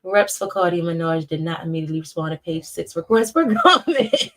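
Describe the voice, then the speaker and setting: A woman hosting a celebrity gossip commentary, sassy and animated as she reacts. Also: lowish voice, a little fast. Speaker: host.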